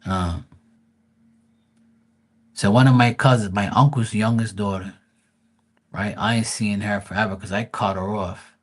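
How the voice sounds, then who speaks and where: A man's voice: on the low side, steady tone, measured pace, pauses often. A man telling stories in a casual, crude and mocking rant, full of swearing, with stammered restarts. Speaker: vlogger.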